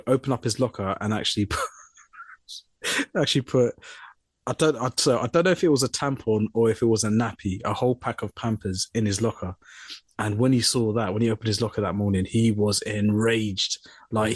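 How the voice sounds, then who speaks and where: Animated young Englishman telling work stories. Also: lowish voice, dry recording, clean studio sound. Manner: animated storyteller, mimics voices in quotes. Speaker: podcast co-host. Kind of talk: casual storytelling.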